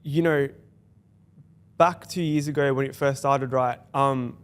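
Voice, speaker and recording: A man's voice: medium pitch, smooth. A young Australian man telling his own story in a casual podcast chat, acting out other people's lines as he goes. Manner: fast, animated storytelling with quoted dialogue. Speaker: guest, business founder.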